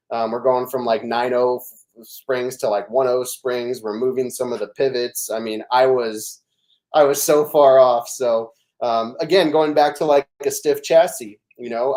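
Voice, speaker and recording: With a medium-pitched voice, a middle-aged podcast guest recounts stories in lively, informal talk. Fillers and false starts crop up throughout.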